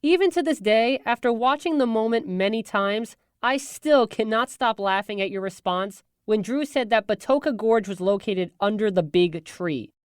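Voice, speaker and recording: A male radio host asks his guest prepared questions in a high voice. The sound is dry and close, with no room behind it. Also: moderate pace, hardly any pauses, smooth, dry recording. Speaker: radio talk show host. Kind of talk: scripted interview questions.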